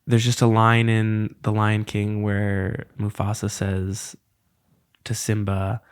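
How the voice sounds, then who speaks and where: A man's voice: lowish voice, monotone, slow pace, clear, resonant tone. A man around thirty hosting a casual solo podcast, rambling and self-deprecating in a loose, conversational way. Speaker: podcast host.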